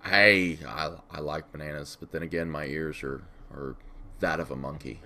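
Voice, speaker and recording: A man co-hosting a casual podcast, scattered and profane, with vocal fry. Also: rumbling low, steady tone, normal speed, bright, forceful tone, a little hiss or hum. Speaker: podcast co-host.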